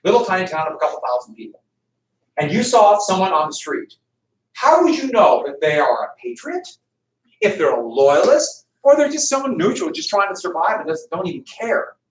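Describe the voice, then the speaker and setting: Male teacher, lecture, animated, asks the class questions, higher voice, recorded from across an echoey room. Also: normal speed. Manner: animated storytelling, acting out quotes, quizzing students. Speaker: history teacher. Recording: echoey classroom, far from the mic.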